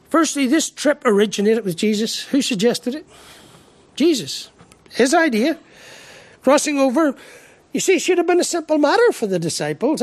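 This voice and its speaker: A man's voice: very high voice, no echo. An Irish man preaching a sermon, emphatic, asking rhetorical questions and often repeating his first word as he restarts. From Ireland.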